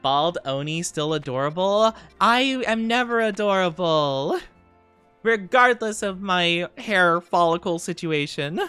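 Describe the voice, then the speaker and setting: A man's voice: high voice, animated, a little slow, pushed and bright, clean tone, dry recording, soft background music. A man streaming as a VTuber, chatting casually with viewers, greeting them sweetly and playing up mock offense when teased. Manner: playful, mock-offended teasing. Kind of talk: casual livestream chat.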